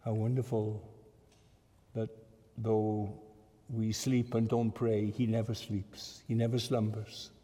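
Male preacher, sermon, slow and deliberate, dark mellow voice, fervent then hushed, long hall reverb. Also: lowish voice, little pitch movement. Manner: earnest, swells to fervent emphasis then drops soft.

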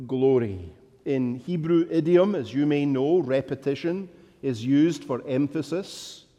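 A male pastor delivers a sermon in an unhurried, measured cadence, his voice sitting a little higher than most men's. He builds steadily to forceful, emphatic declarations. The sound carries the long reverb of a large church hall. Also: expressive. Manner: deliberate, rising to emphatic declarations.

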